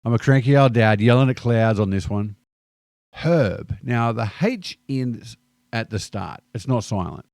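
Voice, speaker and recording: Aussie dad vlogger, wry scripted voice-over, warm tone, dry booth sound. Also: male voice, mid-range voice, moderate pace, vocal fry, dry recording. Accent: Australian. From Australia. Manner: wry, joking delivery. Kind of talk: scripted narration.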